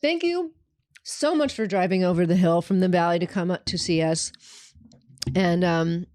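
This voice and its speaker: A woman's voice: lowish voice, moderate pace, darkish tone, no room sound. Woman host, casual and giggly, dry close-mic sound. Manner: giggly, chatty. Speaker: podcast host. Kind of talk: casual chat.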